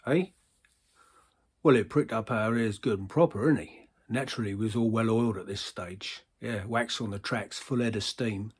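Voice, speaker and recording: A man's voice: fairly low pitch, moderate pace, breathy edge. An actor playing an aging ex-henchman, rambling through a colloquial barroom monologue in an audio drama, full of asides to the listener. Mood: wry.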